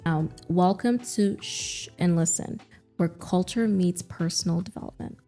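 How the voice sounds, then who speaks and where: A woman hosting a commentary show, speaking in a reflective, measured way. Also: fairly low pitch, mellow, faint music behind. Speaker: host.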